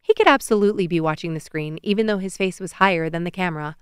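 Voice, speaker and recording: A woman reading a romance audiobook as narrator in an even, measured way, recorded close on a studio mic. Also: on the low side, clear, resonant tone, dry recording.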